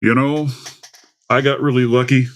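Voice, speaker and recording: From his home setup, a man runs a casual livestream through a desktop USB microphone, greeting viewers by name in a rambling, chatty manner. His medium-pitched voice is a bit bright, delivered flatly at normal speed.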